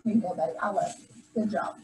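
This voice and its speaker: A woman teacher handing out awards to her first-grade class, speaking with warmth and sometimes getting teary. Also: on the low side, fairly even intonation, fast. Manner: affectionate, gets teary. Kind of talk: award ceremony speech to a class. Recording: distant camera, faint room noise.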